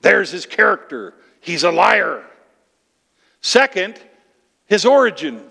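A man's voice: sits high, very animated, slow, creaky, pauses often, pushed and bright, slightly rough, big-room sound. A man preaching a sermon, explaining scripture emphatically with rhetorical questions.

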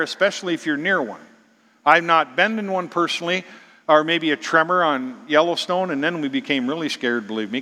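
A middle-aged man preaches with dramatic force, sinking into hushed whispers and then climbing to loud exclamations. His voice sits high and sounds bright and forceful. It carries a long reverb, as if he were recorded in a large hall. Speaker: pastor. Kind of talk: sermon.

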